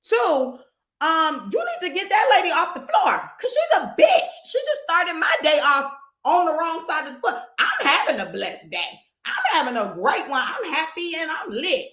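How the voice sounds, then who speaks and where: A woman co-hosting a podcast, telling a story in casual chat, animated and profane, acting out the people she quotes. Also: extremely high pitch, moderate pace. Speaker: podcast co-host. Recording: echoey room.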